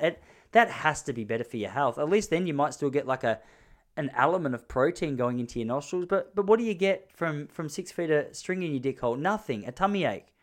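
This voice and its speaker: Brief: podcast host, thirties, rambling crude storyteller, fairly high voice. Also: male voice. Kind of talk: casual comedic monologue.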